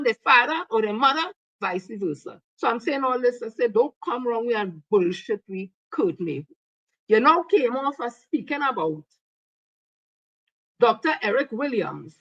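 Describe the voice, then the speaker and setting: Combative Trinidadian woman, higher voice. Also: a bit bright, highs cut off. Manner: combative, scolding. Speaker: online commentator. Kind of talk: heated commentary with read-out quotes.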